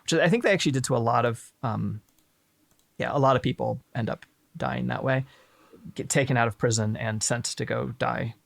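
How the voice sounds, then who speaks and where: A man's voice: medium pitch, normal speed, creaky, no echo. A man hosting a live stream, chatting casually about history with irreverent, profane jokes. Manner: irreverent, profane, joking asides. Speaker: stream host.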